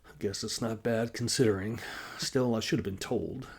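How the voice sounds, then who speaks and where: A man playing a blunt, driven inventor in an audiobook, brusque and wry. The voice sits low, with a husky, gravelly grain. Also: steady tone, normal speed.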